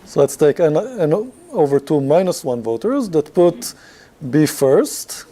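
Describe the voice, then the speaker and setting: A man's voice: fairly high pitch, very animated, a little slow, dark tone. A man giving a university lecture, talking to the class in a conversational way with many fillers and questions.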